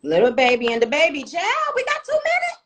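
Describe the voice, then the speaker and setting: A woman's voice: sits high, wildly swooping pitch, fairly bright tone. Brash, profane woman hosting a live chat. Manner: brash, profane and teasing, rushing the guest. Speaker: host of a live stream. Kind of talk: casual live-stream chat.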